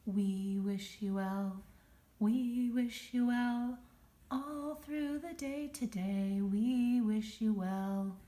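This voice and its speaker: A woman voicing a young cricket, singing a slow, gentle song. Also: a little high, steady tone, reverberant.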